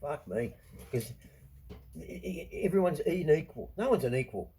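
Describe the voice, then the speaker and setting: A middle-aged Australian man swearing his way through a heated rant, blunt and quick to anger. His voice is dark and very husky, sitting slightly low. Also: lively intonation, low-quality recording. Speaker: show host. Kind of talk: profane monologue.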